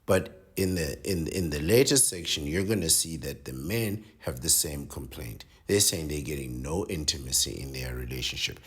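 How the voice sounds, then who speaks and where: A man's voice: very deep voice, moderate pace, hardly any pauses, fairly bright tone, slightly rough. A man reading out an article and reacting to it with sardonic commentary, lecturing his listeners and often adding "right?".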